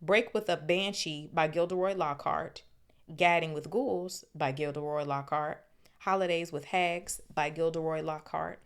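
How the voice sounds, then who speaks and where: Woman host, low deep voice, reads a book aloud, drops into loose slangy asides, easygoing podcast reading. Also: steady tone, measured pace, clean tone. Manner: breaks off for slangy asides and laughs. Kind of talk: reading aloud with casual commentary.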